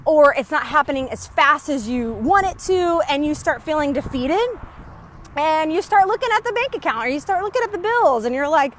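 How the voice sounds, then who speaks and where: Lively, high-pitched chatty woman vlogging outdoors. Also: fairly quick, a little hiss or hum. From Texas. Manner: upbeat, chatty, greets viewers often. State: slightly out of breath. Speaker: business coach. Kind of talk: live-streamed walking vlog. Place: outdoors on a walk home.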